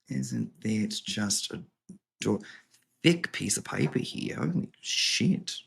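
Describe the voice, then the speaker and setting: Speaking unhurriedly with big pitch swings, this man's fairly low voice sounds creaky and husky. He's hosting a casual home vlog, reading aloud and chatting in a rambling, jokey, profane way.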